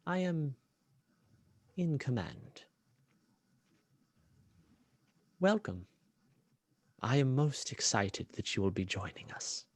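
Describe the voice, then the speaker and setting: A man voicing a masked imperial commander who is polite and menacing, speaking in a slow, courtly way. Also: mid-range voice, sing-song, dry recording. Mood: courtly menace. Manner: slow, courtly, drawn-out delivery.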